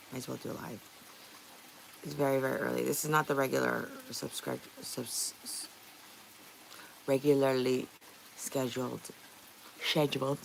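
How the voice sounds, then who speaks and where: Her voice is very deep with vocal fry, and there's a slight hiss or hum. The middle-aged Canadian host talks casually and bluntly with her livestream audience, cursing freely and laughing often.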